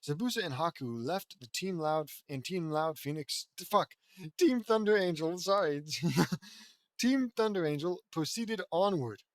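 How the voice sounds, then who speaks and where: A man reads fan fiction aloud in a loose, casual way, tripping over words and stopping for profane, joking side comments. His voice sits a bit high. The sound is close and dry. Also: animated, measured pace, dry recording. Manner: stumbling, swearing, joking asides. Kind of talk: casual audiobook reading.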